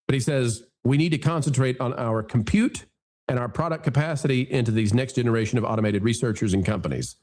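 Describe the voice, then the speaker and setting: A man's voice: medium pitch, fairly quick. A man hosting a casual commentary podcast, reading quotes aloud and reacting to them. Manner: animated, reads quotes aloud. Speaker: podcast host.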